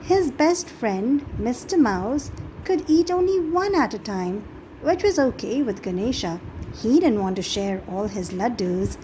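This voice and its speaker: A woman reading a picture book aloud to young children, gently expressive and pausing to ask the listener questions about the pictures. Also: a little high, a little hiss or hum, low-quality recording. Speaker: storybook reader.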